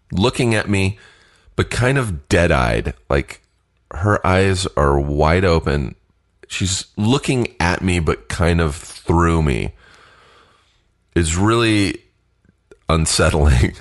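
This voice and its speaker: A man telling a personal story in a casual, halting way, laughing between phrases and sniffly from allergies. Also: rumbling low.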